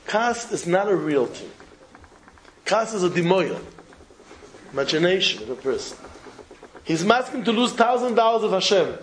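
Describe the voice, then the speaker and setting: A man's voice: high-pitched, big pitch swings, normal speed, long pauses, a little hiss or hum, rough recording. A man giving a Torah lecture, telling a parable and repeating phrases for emphasis, with Hebrew and Yiddish terms woven in. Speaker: rabbi giving a talk.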